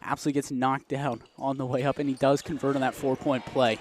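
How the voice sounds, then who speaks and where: A man's voice: mid-range voice, little pitch movement, quick pace, a crowd in the background. A young man doing casual, joking play-by-play commentary on a college basketball game into a close mic, laughing often and a bit out of breath. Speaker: student sports commentator.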